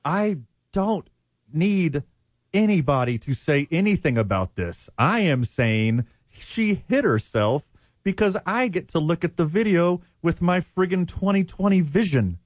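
A man's voice: a little high, sing-song, measured pace, dry recording. A man hosting sports talk radio, blunt and sarcastic as he argues. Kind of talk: heated sports talk debate.

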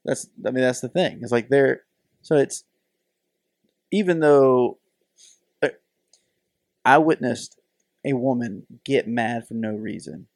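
Clean studio sound with no room sound captures a middle-aged man's mid-range voice as he co-hosts a podcast. In casual conversation, he tells animated stories, performing the voices of the characters.

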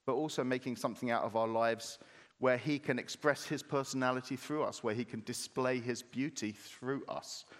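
A man preaching a sermon as pastor, animated, acting out playful voices in his retelling. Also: medium pitch, normal speed, big-room sound. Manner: animated, acts out voices of clay and potter.

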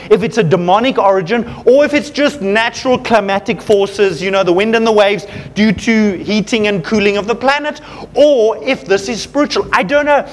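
A man preaching a sermon, telling a story to his congregation and calling them folks, growing fervent as he goes. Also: high voice.

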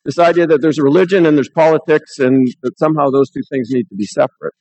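A man's voice: on the high side, fast talker, a little mellow, low-quality recording. A man pastor preaching a sermon in a church, talking conversationally and reading scripture aloud.

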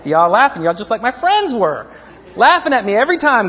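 A man's voice: extremely high pitch, very animated, fairly quick, sharp tone, slight background noise. Man preaching in an echoey church. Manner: humorous storytelling, self-mocking asides. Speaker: pastor. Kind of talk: sermon. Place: church sanctuary. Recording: echoey dull lo-fi church recording.

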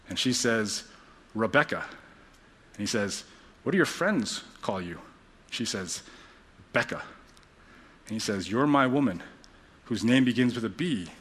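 A man preaching a sermon, telling a story earnestly and dropping to a hushed voice at tender moments. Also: mid-range voice, slightly rough. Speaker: pastor.

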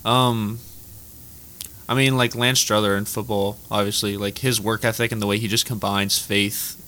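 A man's voice: on the low side, normal speed. A young man, a college athlete guest, answering questions casually and often saying "like". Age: young adult. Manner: relaxed, heavy use of "like". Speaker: college basketball player and guest.

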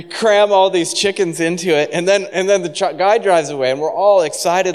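A man's voice: high voice, normal speed. A man preaching a sermon, telling a personal story with laughs and acted-out quotes. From San Francisco. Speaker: pastor. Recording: long reverb of a large hall.

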